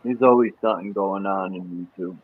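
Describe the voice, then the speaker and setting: A man's voice: deep voice, brisk, slight background noise. A man hosting a stream, chatting in a loose, meandering way with lots of fillers. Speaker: stream host. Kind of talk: casual rambling chat. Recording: tinny phone-like sound.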